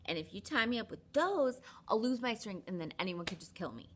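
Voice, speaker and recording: A woman's voice: a little high, sing-song, fairly quick, slight background noise, pitched above the performer's own voice. A woman voicing an overconfident strongman who boasts in an offhand way. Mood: boastful.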